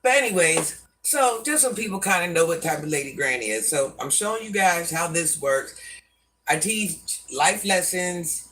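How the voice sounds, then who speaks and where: A woman around sixty with a deep voice, a live-stream host giving life advice to viewers in a folksy way, calling them baby and hun and calling herself Granny. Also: animated, moderate pace, fairly bright tone, far from the mic.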